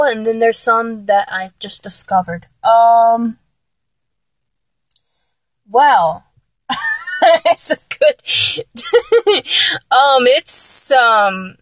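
Talking to viewers as a music fan, a woman chats casually about beloved songs, with plenty of ums and restarts, and sings bits of them badly. Her voice is a little high, and there's no echo.

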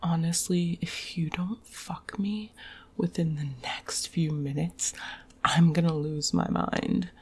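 A woman voicing a needy, teasing female succubus in a whispered role-play, with a breathy, coaxing whisper and soft moans. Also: lowish voice, steady tone, slow pace. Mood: sultry.

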